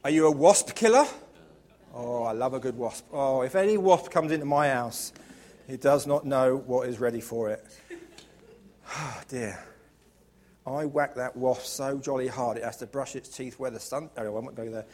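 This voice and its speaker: A man preaching a lively sermon in church, joking playfully and moving between hushed asides and loud, emphatic calls to the congregation. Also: mid-range voice, normal speed. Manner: playful, jokey and expressive, swinging from hushed to loud.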